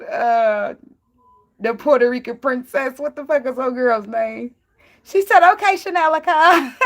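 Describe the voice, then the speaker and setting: A woman's voice: high-pitched, fairly bright tone. A young woman reading tarot and giving blunt relationship advice in a casual, profane way, laughing often and wandering off on tangents. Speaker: tarot reader. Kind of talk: casual spiritual advice talk.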